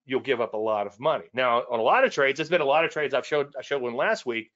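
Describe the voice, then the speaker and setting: A man's voice: mid-range voice, expressive, fast, fairly bright tone, dull audio. A man hosting a market show, teaching casually in a rambling, conversational way with self-deprecating asides and repeated points. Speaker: trading educator and show host.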